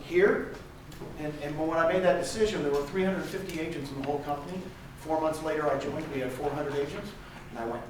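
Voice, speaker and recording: A man's voice: on the high side, quick pace, background noise. Older man speaking in an echoey hall. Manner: emphatic, repeats phrases for effect. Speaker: conference speaker. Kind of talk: motivational talk to a live audience. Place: large conference room. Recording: echoey hall, mic at a distance.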